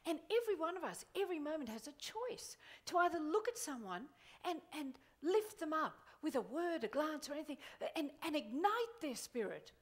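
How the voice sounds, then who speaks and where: A middle-aged woman giving a live motivational keynote to a conference audience, animated and exclamatory. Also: sits high, normal speed. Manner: animated, exclamatory, quotes others in funny voices. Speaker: motivational speaker. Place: conference hall before an audience.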